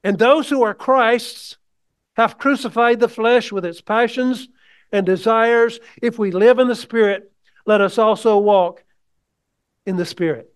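High-voiced man preaching a sermon. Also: measured pace, clear, resonant tone. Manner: conversational, asks the congregation questions.

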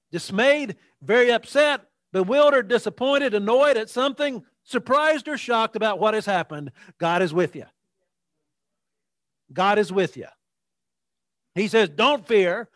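A male preacher with a high voice, delivering an emphatic sermon. He draws out scripture verses slowly, repeats phrases, and calls on listeners to speak along. The sound is dry and close. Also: a bit bright, dry recording. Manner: leads the congregation in call-and-response.

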